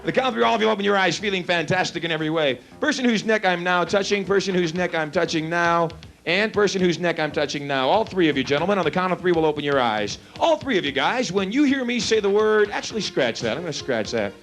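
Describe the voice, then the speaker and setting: A man's voice: high-pitched, animated, quick pace, fairly bright tone. A man working as a stage hypnotist, giving playful commands to volunteers in front of a live theater audience. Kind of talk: live stage show patter.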